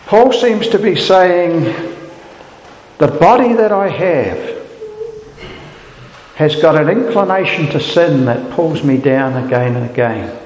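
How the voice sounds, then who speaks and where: A man delivers an earnest, reflective sermon at an unhurried, deliberate pace. His voice sits a little high for a man. The sound rings through a roomy hall with a long reverb tail. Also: animated, a little mellow, lo-fi sound, a little hiss or hum. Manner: earnest, reflective, lifts his pitch sharply when quoting cries. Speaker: preacher.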